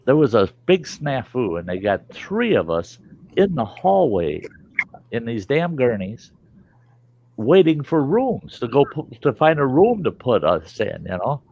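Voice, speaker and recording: A man's voice: medium pitch, unhurried. A man hosting a livestream, telling rambling, salty stories in casual chat and acting out the voices of the people in them. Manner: salty, rambling anecdotes with lively quoted voices. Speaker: host. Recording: dull lo-fi stream audio.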